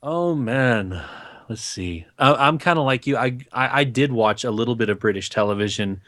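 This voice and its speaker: Male co-host, relaxed, halting delivery, mid pitch, dry close sound. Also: no echo. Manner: relaxed, halting, many restarts. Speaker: podcast co-host. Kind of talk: casual chat.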